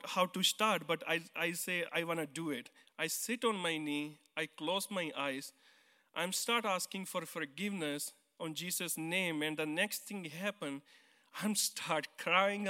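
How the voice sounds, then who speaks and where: A man with an Indian accent tells his story of faith in simple, earnest English, sometimes stumbling and restarting. His voice is a little high and bright with a forceful edge. It rings through the long reverb of a church hall. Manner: simple, earnest, non-native grammar, some hesitant restarts. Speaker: church member giving testimony. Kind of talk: personal testimony on stage. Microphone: handheld mic.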